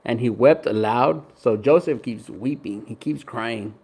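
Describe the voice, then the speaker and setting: A man's voice: mid-range voice, unhurried, a little mellow, breathy edge. A young man reading scripture aloud and explaining each passage in a casual, conversational way, with lots of "like" and "right?". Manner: reads scripture aloud, then paraphrases it in casual slang. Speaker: Bible teacher. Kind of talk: casual Bible study commentary.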